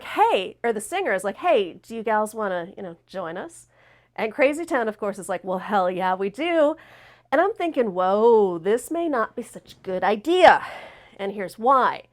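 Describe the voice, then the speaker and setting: A woman hosting a talk show, telling a personal story in a lively way and acting out the voices of the people in it. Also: medium pitch. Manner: animated, acts out quoted voices. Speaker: host.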